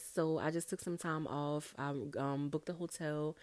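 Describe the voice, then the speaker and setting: A young woman hosting a casual solo podcast, chatty and animated, talking straight to her listeners. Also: sits low, measured pace, no room sound. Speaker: podcast host.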